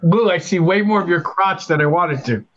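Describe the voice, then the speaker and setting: A man's voice: high voice, moderate pace, fairly bright tone. A man co-hosting a podcast, joking and teasing in exuberant, casual banter. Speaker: podcast co-host. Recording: dull lo-fi sound.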